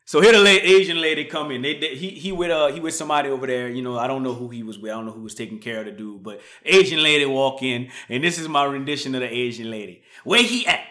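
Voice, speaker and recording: A man hosting a podcast, telling a story casually, swinging from muttered asides to loud, animated bursts. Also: medium pitch, quick pace, hardly any pauses. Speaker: podcast host.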